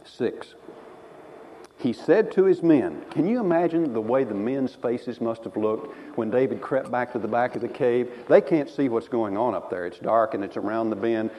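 A man preaching a sermon, telling the story with lively, animated delivery and acting out the voices. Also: medium pitch, moderate pace, slight background noise. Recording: dull sound in a reverberant hall.

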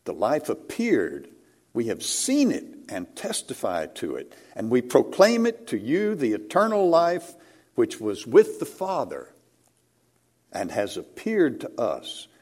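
A man preaching a sermon, speaking in a measured way and rising for emphasis. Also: mid-range voice, huge pitch swings, a little mellow. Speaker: pastor.

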